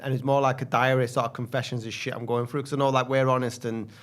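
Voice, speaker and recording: A man's voice: level tone, quick pace. A man co-hosting a casual live fan chat. He talks bluntly and swears freely. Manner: blunt and sweary, swings up and down in pitch. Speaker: co-host of a fan channel.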